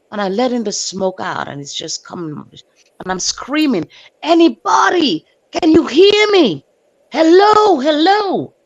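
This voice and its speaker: Woman telling a story over dull audio. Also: medium pitch. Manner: animated, acts out her own shouts in the story; hunts for words, fills with "um". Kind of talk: casual storytelling.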